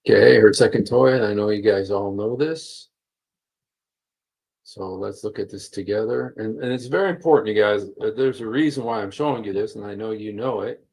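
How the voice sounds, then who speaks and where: A man's voice: fairly low pitch, moderate pace, gravelly, a little mellow, husky, poor audio. A man hosting a livestream, reading passages aloud and commenting with emphatic repetition and frequent fillers. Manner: emphatic, repeats key phrases, many fillers. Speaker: livestream host. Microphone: computer mic while streaming.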